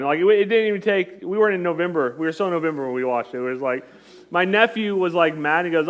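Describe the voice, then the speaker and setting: A man in his thirties gives a relaxed, talkative sermon. He jokes with the congregation and often breaks off mid-sentence to restart. His voice sits a little higher than most men's. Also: quick pace, clean tone. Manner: chatty, joking, self-interrupting. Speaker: pastor. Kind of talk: conversational sermon.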